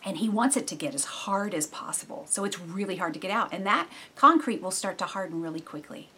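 A middle-aged woman preaching a sermon in a conversational, animated way, with frequent asides. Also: medium pitch, a little fast, breathy edge.

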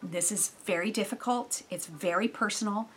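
A middle-aged woman preaching a sermon in a conversational, animated way, with frequent asides. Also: medium pitch, normal speed, breathy edge.

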